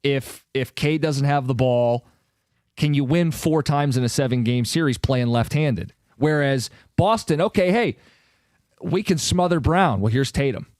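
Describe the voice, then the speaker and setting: Opinionated sports radio host, dry studio sound. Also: male voice, medium pitch, a little slow, a little mellow, no echo. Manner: opinionated, wry, sarcastic asides. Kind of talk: sports talk radio banter. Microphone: studio microphone.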